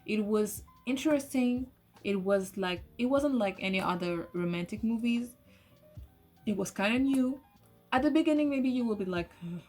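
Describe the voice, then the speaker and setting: A woman giving a casual, excitable spoken movie review, swearing often and restarting her sentences. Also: medium pitch. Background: soft lofi music.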